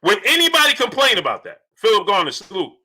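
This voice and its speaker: A man hosting a boxing livestream, asking rhetorical questions over and over and giving shout-outs to the viewers in the chat. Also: sits high, wildly swooping pitch, quick pace, slightly rough. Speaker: boxing channel host. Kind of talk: livestream commentary, reading chat.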